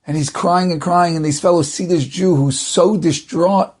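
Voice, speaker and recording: A man's voice: sits high, fairly even intonation, moderate pace, a little mellow, husky. A man, a rabbi, telling a story in a dramatic, varied way. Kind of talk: storytelling talk.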